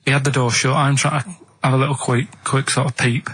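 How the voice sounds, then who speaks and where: A man on a radio show rambling in a deadpan, grumbling way about everyday annoyances. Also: mid-range voice, a little fast, breathy edge. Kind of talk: casual radio chat. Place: radio studio.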